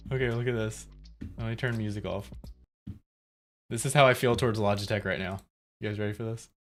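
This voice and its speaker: A man in his thirties chatting casually on a livestream, rambling, laughing often and reading chat aloud. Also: fairly low pitch. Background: faint music.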